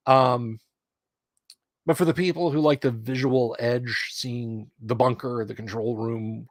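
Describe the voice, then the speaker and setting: A man chats on his own stream, loose and rambling, often stopping mid-thought to pause and start over. His voice sits in an ordinary middle pitch. It is recorded dry and close, with almost no room sound. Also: no echo. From Alabama, US South. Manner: rambling and conversational, with frequent pauses and restarts. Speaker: streamer host. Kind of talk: casual livestream chat. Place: home studio room.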